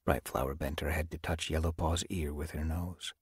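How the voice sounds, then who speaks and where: A man narrating an audiobook in a measured storytelling manner. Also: very deep voice, fairly even intonation, husky, no echo, studio quality. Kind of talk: scripted narration.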